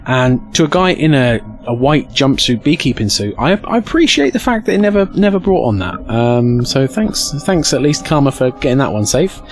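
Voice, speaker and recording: A man's voice: medium pitch, moderate pace, few pauses, soft background music. A man telling a rambling, jokey personal story in a casual way. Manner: animated, rambling, jokey, swears.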